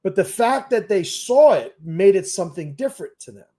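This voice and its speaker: A man's voice: sits high, expressive, moderate pace, mellow. Blunt, profane man hosting a stream. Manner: blunt, profane and emphatic, with repeated restarts. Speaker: host. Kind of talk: livestream Q&A monologue.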